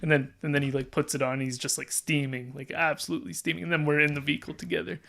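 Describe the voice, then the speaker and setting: A man with a fairly high voice and a gravelly, creaky edge, talking as a podcast guest. He tells his story casually, rambling through filler words and restarts. He often laughs mid-sentence. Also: little pitch movement, very fast, sharp tone.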